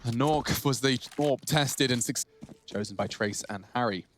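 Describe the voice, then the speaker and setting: A man casting a competitive shooter match live, with quick play-by-play that rises sharply on big moments. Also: a little hiss or hum. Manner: excitable, rising in pitch on big plays. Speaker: esports caster. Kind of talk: play-by-play commentary.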